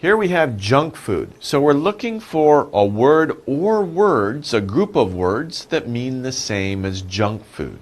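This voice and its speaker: A man's voice: mid-range voice, sing-song, slow, hardly any pauses. A man teaching an English vocabulary lesson, patiently repeating words and asking questions before answering them himself. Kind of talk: slow, animated vocabulary lesson.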